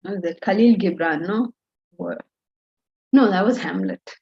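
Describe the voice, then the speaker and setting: A woman with an Indian accent teaching Vedanta to students, animated and scolding, full of rhetorical questions. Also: medium pitch, unhurried, gravelly, pauses often, muffled recording. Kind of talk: lecture to students.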